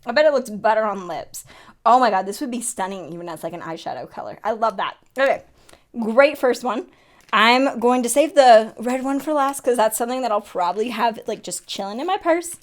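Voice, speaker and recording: A young woman in a casual makeup unboxing vlog, chatty and excitable, often gasping and laughing. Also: a little high, a little fast. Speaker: beauty vlogger.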